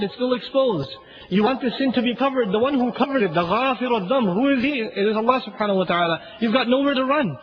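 Male lecturer, rapid conversational delivery, dull lo-fi sound. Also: very high-pitched, slight background noise. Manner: chatty, keeps asking "right?", chuckles often. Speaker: Islamic lecturer.

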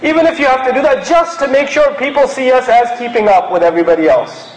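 In a reverberant, low-quality recording, a preacher who comes from Pakistan talks fast in a very high voice. His sermon feels like a conversation, and he acts out little scenes, mocking ones included, to make his case.

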